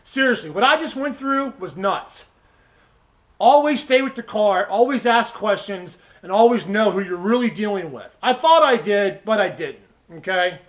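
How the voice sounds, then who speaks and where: A man with a notably high voice talks straight to his viewers in a casual vlog. He sounds animated and heated as he hands out blunt, preachy advice, checking in with "okay?" again and again. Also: moderate pace. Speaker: car channel host.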